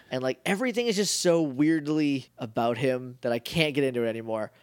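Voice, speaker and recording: A man's voice: medium pitch, animated, fairly quick, clear, resonant tone, dry recording. A man co-hosting a podcast, chatting casually with a rambling, jokey manner and lots of fillers. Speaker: podcast co-host. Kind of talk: casual chat.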